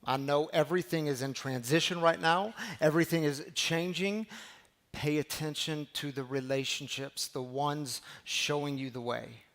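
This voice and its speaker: A man preaching a sermon as pastor, telling a personal story and moving between hushed, slow passages and loud, emphatic ones. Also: on the high side. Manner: heartfelt, storytelling preacher with repeated phrases.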